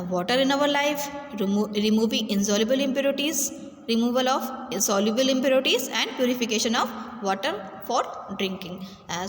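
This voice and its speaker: A woman teacher with an Indian English accent giving a class lecture, halting and repeating herself as she explains. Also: fairly high pitch, a little hiss or hum. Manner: halting, restarts and repeats words while explaining. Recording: roomy echo with long reverb, faint ambience.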